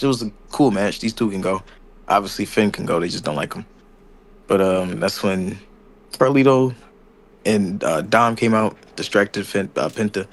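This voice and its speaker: Low-voiced man recapping wrestling casually. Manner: loose storytelling with slang and sound effects. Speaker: podcast co-host.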